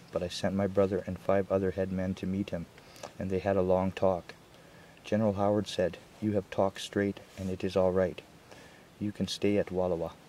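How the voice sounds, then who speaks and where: A man with a low, mellow voice reads a historical first-person account aloud. His delivery is slow, measured and even, with little rise and fall. There is a faint hiss behind him. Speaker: reader.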